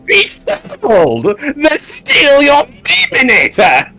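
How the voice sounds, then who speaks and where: A man voicing a posh, theatrical male cartoon villain in a grandiose, hammy manner, pitched far above his own voice. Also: wildly swooping pitch, extremely slow, sharp tone, heavily acted. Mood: triumphant. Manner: grandiose, hammy, sweeping high swoops.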